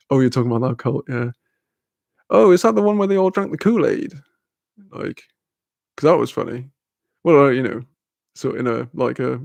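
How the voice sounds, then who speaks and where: A man's voice: mid-range voice, normal speed, creaky, long pauses, a little mellow, no room sound. A young man chatting casually on a livestream, rambling and swearing freely. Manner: rambling, swearing, laughing often. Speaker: streamer.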